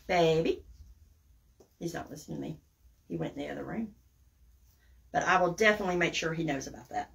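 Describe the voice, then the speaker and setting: Speaking fairly quickly with a deep voice, vocal fry, and long pauses, this Southern-accented woman runs a casual live craft demo. She reads viewer comments and chats folksily, addressing her audience as y'all and guys.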